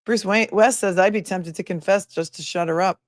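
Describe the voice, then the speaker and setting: A woman attorney hosting a casual livestream, chatting and reading out viewer comments with quick asides. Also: medium pitch, steady tone, dry recording, clean studio sound. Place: home in a remote area.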